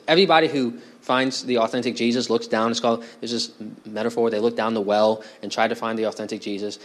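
A man preaching a conversational sermon at an ordinary pitch. He keeps putting questions to his congregation and pushing them to answer. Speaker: pastor. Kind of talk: expository sermon.

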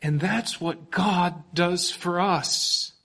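A man preaching a sermon as pastor, emphatic, swinging from loud passages to hushed ones. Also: high-pitched, very slow, creaky.

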